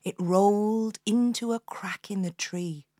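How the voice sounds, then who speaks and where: A woman hosting a storytelling podcast, telling a folk tale to children in an expressive, inviting way. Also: mid-range voice, a little slow, dry recording, studio quality. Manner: expressive, inviting the listener to join in.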